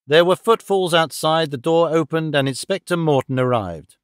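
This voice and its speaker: A man narrating a classic detective audiobook in a measured, low-key way into a close microphone. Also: lively intonation, smooth, no room sound. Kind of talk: scripted narration.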